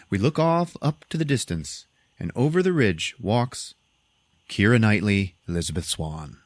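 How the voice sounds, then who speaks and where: A man with a low voice tells a movie's story on a podcast. His pitch swings widely and he laughs often, and his profane manner stays casual. The sound is dry and close. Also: sing-song, moderate pace, no echo. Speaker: podcast host.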